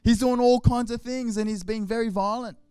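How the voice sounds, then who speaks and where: A man's voice: very high voice, fairly even intonation, a little fast, warm tone, smooth, dry recording, clean studio sound. An Australian man, a pastor, tells humorous stories in a sermon, acting out scenes with sound effects.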